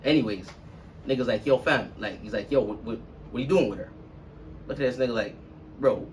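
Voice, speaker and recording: A man casually telling a long personal story on a podcast, acting out everyone in it with sudden loud, high-pitched bursts. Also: brisk, recorded from a distance, slight background noise. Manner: animated, swings into loud high-pitched quotes of others.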